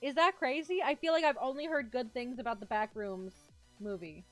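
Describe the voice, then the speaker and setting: A young woman streamer chatting casually with her live chat, telling a story in a giggly, animated, rambling way. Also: a little high, normal speed, faint music behind. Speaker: vtuber streamer.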